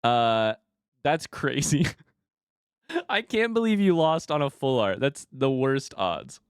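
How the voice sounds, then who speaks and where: A young adult man hosting a casual live stream, talking to chat and swinging from hushed remarks to loud excited outbursts. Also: medium pitch, slow, clear, resonant tone, dry recording, studio quality. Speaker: streamer host.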